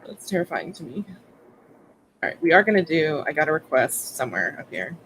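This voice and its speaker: Casual livestream host, woman, giggly and lively in pitch, faint noise behind. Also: brisk, rough recording. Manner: giggly, laughs often, playful.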